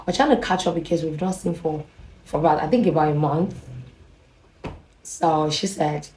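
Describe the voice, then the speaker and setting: A woman's voice: low voice, steady tone, moderate pace, darkish tone, echoey room, a little hiss or hum, poor audio. A young woman with a Nigerian accent telling a story in a chatty, confiding vlog style, often repeating herself. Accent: Nigerian English. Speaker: vlogger. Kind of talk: casual storytelling to camera.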